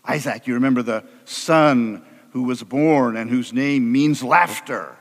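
A man preaching a sermon as an animated, humorous storyteller with a conversational delivery. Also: medium pitch, unhurried, long reverb tail.

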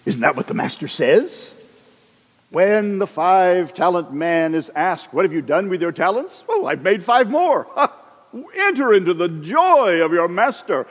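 A man preaching a sermon, animated and acting out the people in his stories. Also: fairly high pitch, a little slow, slightly rough, in a large hall. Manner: animated, acts out characters in the stories.

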